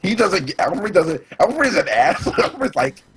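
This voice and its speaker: An excitable young man chats on a podcast and jumps from topic to topic. His pitch swings up and down a lot, and a faint hiss sits under the recording. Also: moderate pace. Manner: excitable, jumps between topics, laughs often. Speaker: podcast co-host. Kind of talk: casual chat.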